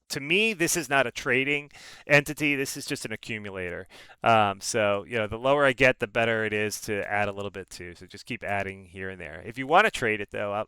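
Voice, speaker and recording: A man's voice: lowish voice, sharp tone, clean tone, dry recording. A man hosting a live pre-market trading call, talking casually with many fillers and restarts.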